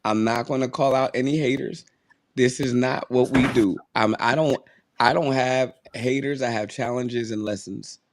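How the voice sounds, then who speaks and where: A man co-hosting a podcast, chatting excitedly and repeating himself for emphasis. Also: mid-range voice, normal speed. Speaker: podcast co-host. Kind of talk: casual chat.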